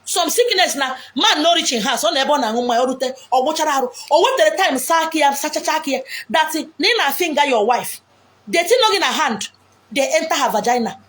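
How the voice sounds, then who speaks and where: Blunt high-voiced Nigerian woman. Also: expressive, quick pace. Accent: Nigerian, Igbo. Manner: blunt, forceful, mixing English, Pidgin and Igbo. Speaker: preacher giving relationship advice. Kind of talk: outdoor monologue. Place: beach outdoors.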